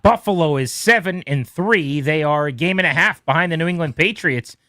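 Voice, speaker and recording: A man hosting a sports radio show, rattling off quick game recaps with playful asides. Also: fairly high pitch, bright, forceful tone, dry recording, clean studio sound. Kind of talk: brisk scores recap.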